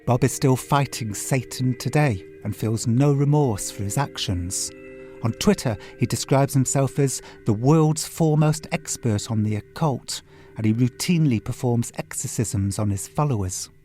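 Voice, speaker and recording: A man's voice: medium pitch, moderate pace, mellow. Guy hosting a podcast, thoughtful chatty interviewer, bit of music behind. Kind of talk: interviewing and scripted narration.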